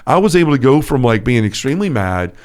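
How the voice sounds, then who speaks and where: A man's voice: mid-range voice, big pitch swings, fast talker. A man co-hosting a casual faith podcast, telling stories earnestly with lots of fillers. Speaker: podcast co-host.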